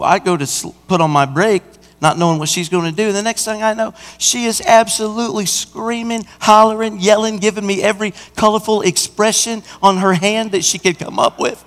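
Male pastor mid-sermon, animated delivery, higher-pitched, recorded in a reverberant hall. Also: normal speed. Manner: animated preaching, acts out an anecdote. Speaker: senior pastor. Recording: church hall with long reverb.

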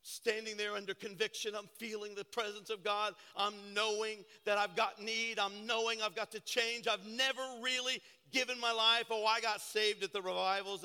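An older man and pastor preaching a sermon with passion, swinging from hushed to loud. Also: high-pitched, clear, resonant tone. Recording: church sanctuary reverb.

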